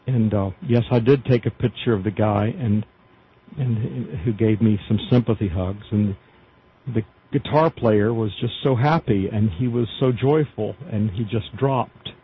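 Husky man, lo-fi news commentary. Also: on the low side. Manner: reads articles aloud with frequent fillers and asides. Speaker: podcast news host. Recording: dull lo-fi audio.

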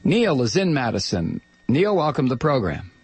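A man hosting a political call-in radio show, angrily firing off repeated rhetorical questions and sometimes shouting. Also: medium pitch, sing-song, moderate pace, husky, dry recording. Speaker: radio talk show host.

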